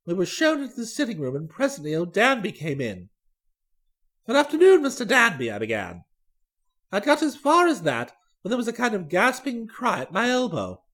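A storybook reader tells a comic tale as a dry, amused young gentleman. The pitch moves very widely from line to line. The delivery stays wry and conversational. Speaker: audiobook reader. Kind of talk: storybook narration.

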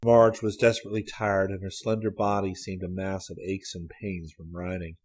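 A man reading a story aloud as an audiobook narrator, in a measured, even storytelling manner. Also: low-pitched, slightly rough. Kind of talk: scripted narration.

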